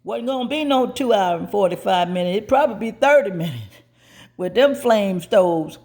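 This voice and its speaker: Older woman, cooking show host, folksy storytelling, animated and laughing. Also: medium pitch, normal speed. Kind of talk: personal storytelling.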